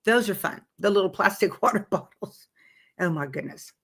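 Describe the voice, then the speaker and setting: A woman's voice: mid-range voice, animated, normal speed, fairly bright tone, breathy edge. A woman hosting a live sewing stream, chatting casually and reading viewer comments aloud. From Texas. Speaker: host of a live sewing show.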